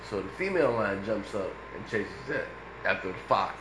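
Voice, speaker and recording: A man telling a long joke to friends in casual chat, acting out the characters in loud, animated bits. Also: fairly low pitch, moderate pace, roomy sound, background noise. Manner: loud animated storytelling, acts out animal voices. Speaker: storyteller among friends.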